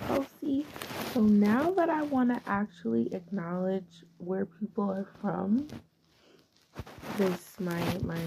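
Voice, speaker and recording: A woman hosting a podcast in a casual chat. She talks softly and rambles, often dropping into a half-whisper. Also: mid-range voice, gravelly, noisy background. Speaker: podcast host.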